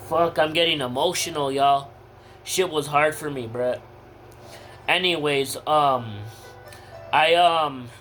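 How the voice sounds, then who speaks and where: A man's voice: a little high, fairly bright tone, slight background noise, poor audio. A teenage boy casually telling a personal story to his viewers, slangy, candid and emotional. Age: teens. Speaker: vlogger.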